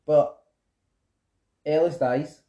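A man's voice: fairly high pitch, steady tone, extremely slow, dark tone, dull audio. A Scottish man chatting casually and bluntly about a film, giving his opinions on the characters. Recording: roomy echo.

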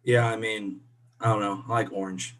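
A man's voice: fairly low pitch, level tone, normal speed. Chatty upbeat guy co-hosting a podcast. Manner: chatty, upbeat, drifts into laughs. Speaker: podcast co-host. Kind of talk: casual chat.

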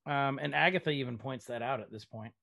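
A man's voice: mid-range voice, fairly quick, gravelly, bright, forceful tone. A man co-hosting a podcast, casually recapping a TV episode and leading the discussion with many fillers. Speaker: podcast co-host.

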